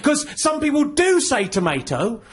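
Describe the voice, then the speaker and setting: A man's voice: very high voice, wildly swooping pitch, normal speed. A man doing stand-up comedy, ranting with indignant mock outrage. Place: comedy stage before a live audience. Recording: live show with crowd laughter and noise. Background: audience laughter.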